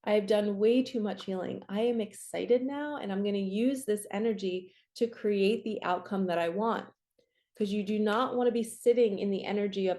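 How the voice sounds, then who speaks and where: A woman giving a casual, upbeat tarot reading as a spiritual coach, chatting encouragingly with quick asides. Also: mid-range voice, fairly even intonation, a little mellow.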